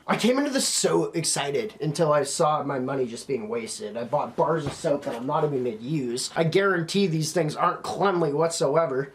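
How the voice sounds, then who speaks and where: A man's voice: a little high, lively intonation, normal speed, few pauses, a little hiss or hum. A young man from Canada hosting a casual unboxing vlog, rambling and swearing, cold and a little tipsy. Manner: laid-back, rambling, swears freely. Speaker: YouTuber host.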